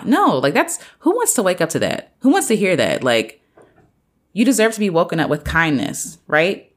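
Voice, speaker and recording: Lively, encouraging woman podcaster. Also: fairly low pitch, normal speed. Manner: animated, playful impressions of friends' voices. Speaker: podcast host. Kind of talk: encouraging solo talk.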